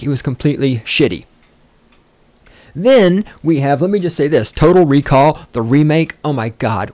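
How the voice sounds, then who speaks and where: A man's voice: fairly high pitch, a little mellow, no room sound. A man hosting a podcast, ranting in a rambling, profane, sarcastic way and getting sidetracked easily. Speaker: podcast host. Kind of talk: rambling casual rant.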